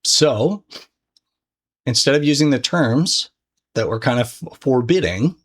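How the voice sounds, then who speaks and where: A man teaches a trading course on a recording, casual and conversational, looking right at the viewer. He speaks slowly at a medium pitch with lively intonation, swearing freely and restarting sentences often.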